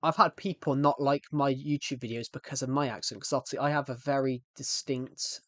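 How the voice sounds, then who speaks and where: A man's voice: mid-range voice, steady tone, brisk, a bit bright, dry recording. A young man with a British accent who streams games, chatting casually in a rambling, self-correcting way. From United Kingdom. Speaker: game streamer. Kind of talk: casual live-stream chat.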